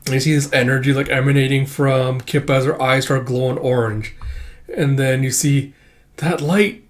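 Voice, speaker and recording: A man's voice: mid-range voice, fairly even intonation, normal speed. A man casually retelling a comic book, rambling and peppering every sentence with "like". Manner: rambling, filler-heavy with lots of "like". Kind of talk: casual comic read-through.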